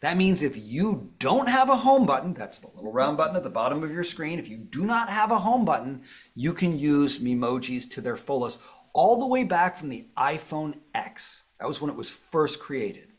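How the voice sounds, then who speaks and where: A man's voice: on the high side, big pitch swings, normal speed. A man presenting a live phone tutorial, walking viewers through each step in an upbeat, explanatory way. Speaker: tech presenter.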